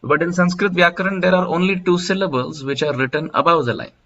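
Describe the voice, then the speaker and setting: A man giving a devotional scripture lecture in a temple, explaining and telling stories with soft laughs. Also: on the high side, fast. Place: temple hall. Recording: dull lo-fi lecture recording.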